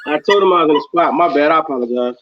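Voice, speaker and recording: A man's voice: fairly high pitch, rapid-fire. Man, podcast guest on remote call, laid-back and blunt, dull lo-fi line, faint noise. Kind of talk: casual chat.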